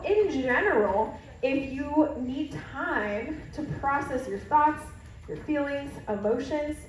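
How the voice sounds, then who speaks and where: A woman youth pastor gives a playful, talkative sermon, often addressing the crowd directly. Her voice sits high. She is recorded from across a large hall, so heavy echo surrounds every word. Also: slight background noise. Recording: echoey hall from far off.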